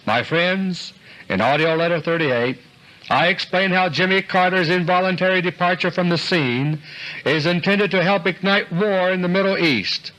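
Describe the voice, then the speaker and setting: A man delivering a scripted political commentary monologue in an earnest, deliberate way, slowing down for emphasis. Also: high-pitched, pushed and bright, low-quality recording. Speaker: commentator delivering a recorded audio letter.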